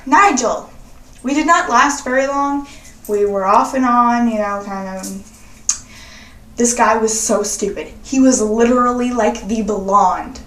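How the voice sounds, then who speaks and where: A young woman with a slightly high voice talks slowly and sassily, swearing freely as she chats to her viewers. She sounds set back from the mic, and the room's echo rings around her words. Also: a bit bright, a little hiss or hum. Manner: sassy and profane, chatty. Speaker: vlogger. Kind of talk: casual confessional chat. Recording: roomy echo, distant from mic.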